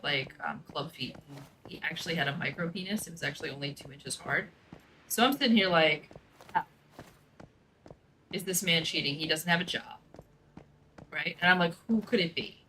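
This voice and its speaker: Blunt low-voiced young woman telling a story. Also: bright, forceful tone, slight background noise, rough recording. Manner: blunt, profane, fills speech with "like". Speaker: gaming streamer. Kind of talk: casual storytime chat.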